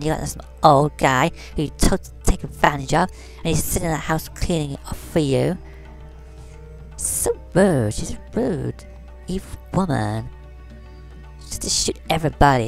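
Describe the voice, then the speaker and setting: A woman's voice: deep voice, vocal fry, a little mellow. A woman voicing a vain, catty fashion doll who talks in valley-girl slang and brags while commenting on a game. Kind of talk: comedic game commentary in character.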